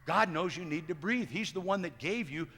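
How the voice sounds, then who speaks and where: A male pastor in his fifties preaching a sermon, swinging between loud emphatic lines and hushed quiet ones. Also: high-pitched, moderate pace, slightly rough, big-room sound. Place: church sanctuary.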